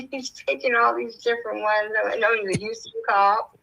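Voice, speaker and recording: A woman's voice: on the high side, fairly even intonation, moderate pace, vocal fry, pushed and bright, highs cut off. An older woman chatting casually as a stream host, telling stories and laughing often. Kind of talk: casual chat.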